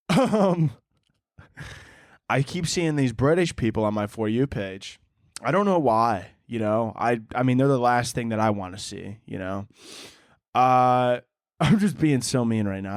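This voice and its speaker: A man's voice: medium pitch, dry recording, studio quality. A young man hosting his own comedy podcast, rambling alone through crude, self-mocking banter. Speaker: podcast host. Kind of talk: solo comedic podcast rant.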